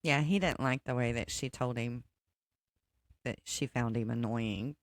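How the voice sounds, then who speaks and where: Brief: woman co-host, deep voice, calm and agreeable, dry mic. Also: no echo. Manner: measured, thoughtful, agreeable. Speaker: podcast co-host. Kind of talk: casual recap chat.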